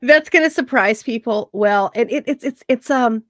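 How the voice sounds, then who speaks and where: A woman co-host with a slightly high voice chats casually on a podcast, animated and quick to act out quotes. She is recorded close on a mic, with a dry, dead sound and no room at all. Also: no echo. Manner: animated, acts out quotes, laughs often. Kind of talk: casual chat.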